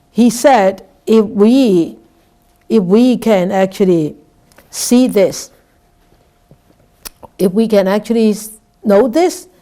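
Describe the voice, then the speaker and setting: A Buddhist nun giving a dharma talk. She speaks haltingly, repeats words and keeps asking "right?". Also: medium pitch, warm tone. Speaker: Buddhist nun teaching scripture.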